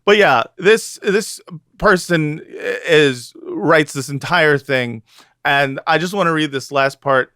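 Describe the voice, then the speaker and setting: A man's voice: fairly high pitch, takes it slowly, bright, forceful tone, clean tone, dry recording, clean studio sound. A man co-hosting a podcast, reading an article aloud with mock drama and sarcastic asides. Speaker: podcast co-host. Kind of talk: casual chat, reading an article aloud mockingly.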